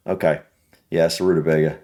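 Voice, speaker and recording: A man's voice: rumbling low, flat delivery, unhurried, a little mellow. An American man hosting a reaction video, thinking aloud with hesitant, casual remarks. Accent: American English. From United States.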